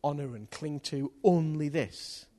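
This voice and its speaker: A man preaching a sermon to a congregation, impassioned and building to loud bursts. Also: fairly high pitch, a little slow. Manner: impassioned, rising to loud outbursts. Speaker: pastor. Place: church hall with congregation.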